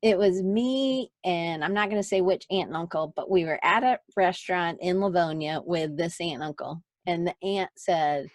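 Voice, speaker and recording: A woman with an Alabama accent hosting a podcast, talking in a casual, animated, rambling way with jokey asides. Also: lowish voice, moderate pace, hardly any pauses, dry recording, clean studio sound. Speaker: podcast host. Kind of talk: casual conversational chat.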